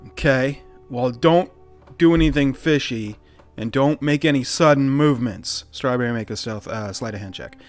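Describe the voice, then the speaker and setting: A man's voice: mid-range voice, moderate pace, faint music behind. Male game master, casual, rambling narration. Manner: relaxed, filler-heavy narration.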